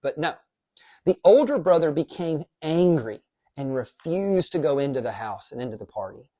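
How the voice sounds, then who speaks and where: Lively conversational devotional pastor. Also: medium pitch. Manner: lively, conversational, with quick asides. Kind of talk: casual devotional teaching.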